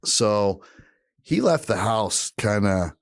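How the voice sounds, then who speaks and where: A man's voice: on the low side, takes it slowly, no echo, clean studio sound. A man co-hosting a podcast, telling a long story in a casual, profane way and acting out the voices of the people in it. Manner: animated storyteller, acts out quoted voices; profane, laid-back. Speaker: podcast co-host.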